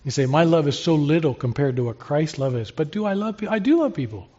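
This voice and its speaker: The recording is lo-fi and a bit dull, carrying a man's fast, sing-song voice that's fairly high in pitch yet dark in tone. He preaches an expository sermon earnestly and conversationally, answering his own rhetorical questions.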